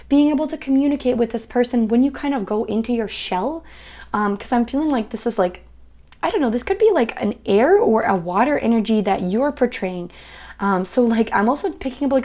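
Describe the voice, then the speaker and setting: A young woman with a fairly high voice reads tarot cards in a relaxed, chatty way. She reassures the listener, drops in plenty of fillers and now and then slips into playful quoted voices. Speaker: tarot reader. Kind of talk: casual tarot reading to camera.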